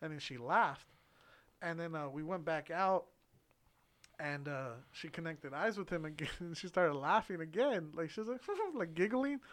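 This podcast co-host, a young man with a voice on the high side and a bit bright, tells a lengthy story at a moderate pace with lively intonation. The casual chat is rambling and profane, packed with fillers and frequent laughter.

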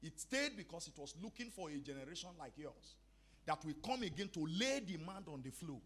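A man delivers a sermon in an emphatic, insistent style. He repeats key words over and over to drive the message home, and his voice sits a little higher than most men's. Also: big pitch swings, a little fast, a bit bright. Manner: storytelling with acted-out dialogue. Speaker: preacher.

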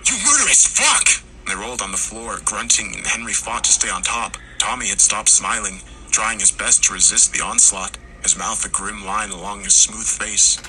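A man narrating a horror story, acting out the characters' lines and rising to shouts in tense moments. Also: on the low side, little pitch movement, normal speed, few pauses, rough recording. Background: music.

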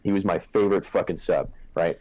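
A man's voice: sits low, brisk, dark tone, no room sound, poor audio. A young man from Southern California in casual chat, rambling with lots of swearing and filler words.

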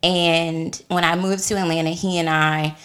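A young woman telling a personal story in casual chat, animated and acting out what others said. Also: normal speed. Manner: animated, acts out quoted voices with big pitch jumps.

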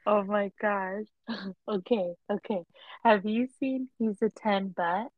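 Slow-talking woman podcast co-host. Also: medium pitch, fairly even intonation, dry recording, phone-quality sound. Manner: chatty, laughs often, acts out quoted voices. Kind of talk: casual podcast chat.

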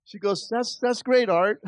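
A male pastor preaching a sermon at a church service, animated and acting out the voices he quotes. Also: extremely high pitch, slow pace, no echo.

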